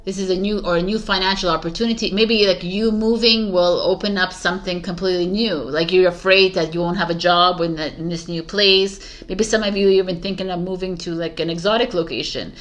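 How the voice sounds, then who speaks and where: A woman's voice: fairly low pitch, fairly even intonation, a little fast, few pauses. A woman giving a casual, rambling tarot reading straight to her viewers, enthusiastic and full of restarts. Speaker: tarot reader.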